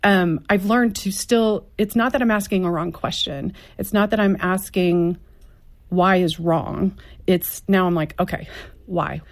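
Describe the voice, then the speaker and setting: A woman's voice: mid-range voice, a little slow. A woman guest on a faith talk show, speaking earnestly and reflectively about her experiences. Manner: earnest, reflective, quotes her own prayers. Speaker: podcast co-host and author guest. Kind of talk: candid talk show conversation.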